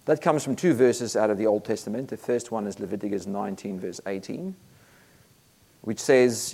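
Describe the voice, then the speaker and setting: A man delivers a sermon in a lowish voice. He speaks earnestly and with emphasis, often reading scripture passages aloud. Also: moderate pace, a little mellow, slightly rough. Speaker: preacher.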